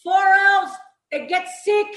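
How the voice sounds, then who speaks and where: A woman's voice: extremely high pitch, takes it slowly, a bit bright, echoey room, heavily acted, poor audio. A woman playing a brassy, flirty Mrs. Claus with a voice, laughing through her lines at a live comedy roast. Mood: storytelling. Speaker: roast guest.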